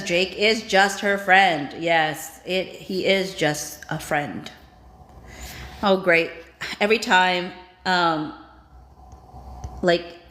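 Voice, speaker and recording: A woman with a somewhat low voice runs a casual livestream, reading viewer comments aloud one after another. She adds quick, chatty reactions between them. Her voice carries a roomy echo from the space around the mic. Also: fairly bright tone, a little hiss or hum. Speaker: livestream host. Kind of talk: casual live-chat reading.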